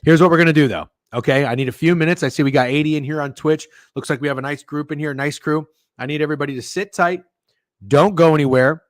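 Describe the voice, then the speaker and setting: A man's voice: fairly high pitch, fast talker, dry recording. A man hosting a sports betting livestream, chatting casually with chat and co-hosts in a rambling, profane, joking way, with a sore throat and a cough, close to the microphone. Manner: rambling, profane and joking, with sudden loud outbursts. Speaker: sports betting stream host. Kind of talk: casual livestream chat reading viewer messages. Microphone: close studio microphone.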